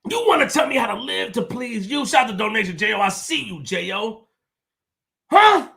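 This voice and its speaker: A high, animated man hosting a livestream, veering from low mutters into full shouts. His voice is bright and tense, with a gravelly edge. He repeats himself hard for emphasis. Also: normal speed. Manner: repetitive, emphatic. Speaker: show host. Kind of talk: livestream rant to viewers.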